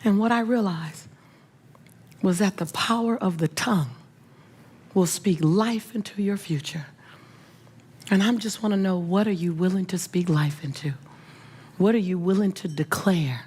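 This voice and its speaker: A middle-aged woman, a motivational speaker, telling an emotional personal story with animated, emphatic delivery and repeated phrases. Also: on the low side, moderate pace, slightly rough.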